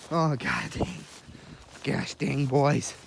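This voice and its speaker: A man's voice: mid-range voice, moderate pace, background noise. A man casually narrating his outdoor walk, rambling and laughing at himself. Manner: rambling, self-amused, talks to himself. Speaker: vlogger. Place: outdoors in wet grass and woods.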